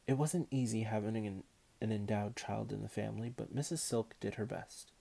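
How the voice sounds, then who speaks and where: A man reading a children's novel aloud in a calm, measured way. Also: lowish voice, vocal fry. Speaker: audiobook reader.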